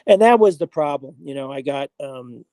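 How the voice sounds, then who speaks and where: A man being interviewed, telling an animated, casual story full of acted-out dialogue and slang. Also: on the high side, normal speed, smooth, dry recording. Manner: animated storyteller, acts out quoted dialogue, frequent "I was like". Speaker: interview guest, horse player.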